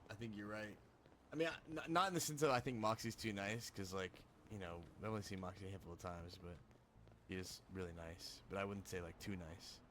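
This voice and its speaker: A man's voice: deep voice, brisk, a bit bright, a little hiss or hum. A male streamer chatting casually with viewers, laid-back and rambling, with frequent swearing.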